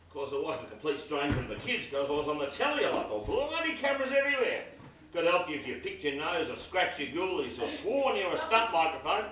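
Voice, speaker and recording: A man's voice: a little high, sing-song, quick pace, bright, forceful tone, a little hiss or hum. A man playing a frazzled Aussie cricket captain. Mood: exasperated. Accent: Australian. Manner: exasperated, blokey and brash. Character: harried, blustering male Australian cricket captain. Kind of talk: stage comedy acting. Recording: echoey theatre stage from far off.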